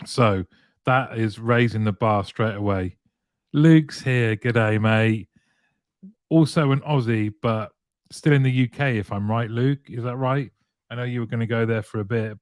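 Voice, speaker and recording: A man's voice: medium pitch, a little mellow, dry recording, studio quality. A man hosting a weekly live show, chatting and greeting viewers one by one by name.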